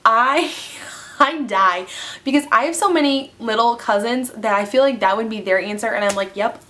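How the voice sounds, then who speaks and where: A woman's voice: on the high side, normal speed, pushed and bright. A young woman chatting casually in a monthly favorites vlog, bubbly and rambling, with many "like" and "um" fillers. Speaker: beauty vlogger.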